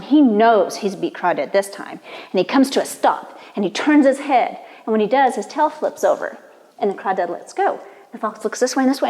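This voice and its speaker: Brief: woman storyteller from the Cherokee Nation, easy conversational telling, lingering room echo. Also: mid-range voice. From Cherokee Nation, Oklahoma. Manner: relaxed, conversational, playful. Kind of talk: oral storytelling.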